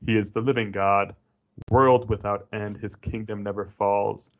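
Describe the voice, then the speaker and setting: A grand ancient king proclaiming his decree slowly and solemnly, as a man puts him on. The voice sits low with a gravelly edge. The podcast recording sounds dull and lo-fi. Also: little pitch movement.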